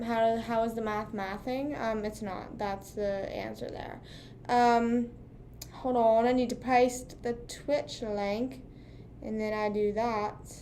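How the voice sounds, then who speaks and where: A woman's voice: on the high side, warm tone, a little hiss or hum. A young woman under twenty-one chatting casually on a live stream, rambling with lots of fillers. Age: young adult.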